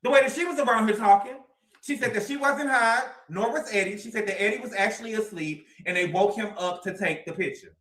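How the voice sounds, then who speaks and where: A man's voice: sits high, brisk, a bit bright, roomy sound. A man hosting a livestream, recapping reality TV in a sassy, dramatic way and repeating his lines for emphasis. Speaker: livestream host. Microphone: streaming mic.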